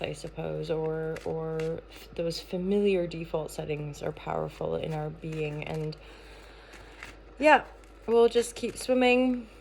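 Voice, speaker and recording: A woman's voice: sits low, vocal fry, a little hiss or hum. A woman giving a casual daily tarot reading, talking in a playful, rambling way with many fillers and restarts. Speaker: tarot reader and channel founder.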